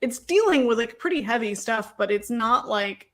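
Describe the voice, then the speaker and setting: A woman's voice: fairly high pitch, lively intonation, moderate pace. A woman co-hosting a podcast, chatting casually and enthusiastically, with lots of "like". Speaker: podcast co-host. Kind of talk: casual chat.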